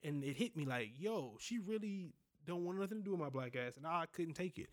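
A young man with a slightly higher voice tells his own story straight out, no polish. He swears freely and circles back on himself with restarts as he goes. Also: animated, a little fast. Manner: raw, blunt, profane, with many restarts. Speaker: podcast host. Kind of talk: candid personal storytelling.

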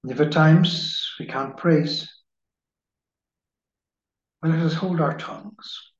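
A man giving a slow, measured spiritual reading in the manner of a preacher. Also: on the high side, fairly even intonation. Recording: echoey room, dull lo-fi sound.

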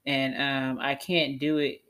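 A woman's voice: very deep voice, little pitch movement, slow pace, fairly bright tone. A woman telling a personal story in a casual, candid, chatty way that often breaks into laughter.

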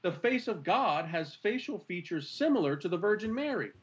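A man's voice: high voice, very animated, normal speed, muffled recording. A man explaining his faith in an earnest conversational way, asking rhetorical questions as he talks. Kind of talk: animated conversational teaching.

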